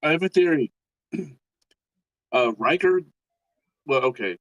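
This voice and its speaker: A man's voice: on the high side, animated, a little slow, no echo. A man on a podcast, chatting casually and musing through a half-joking theory. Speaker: podcast co-host. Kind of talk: casual chat. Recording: dry close sound.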